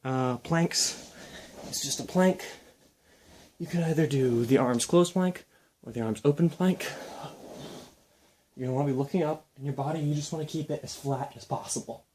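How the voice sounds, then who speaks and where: A young man explaining and demonstrating ab exercises in a casual, relaxed way while counting reps aloud. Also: a little high, normal speed, pauses often, a little hiss or hum. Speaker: fitness instructor.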